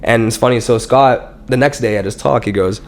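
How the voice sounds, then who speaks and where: A man telling stories in casual podcast chat, animated and swearing, quoting himself and others. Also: medium pitch, normal speed, a little hiss or hum. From Canada. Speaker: podcast guest.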